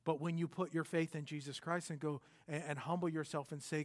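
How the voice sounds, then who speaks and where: A man preaching a sermon, earnest and conversational, with fillers and restarts, swinging between soft and emphatic. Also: on the high side, fairly even intonation, a little fast, hardly any pauses. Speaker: pastor.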